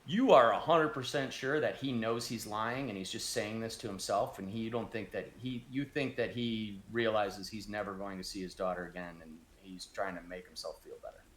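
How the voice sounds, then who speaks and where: A man narrating as game master of a tabletop game, speaking haltingly with many restarts. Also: fairly low pitch, fairly bright tone, slight background noise.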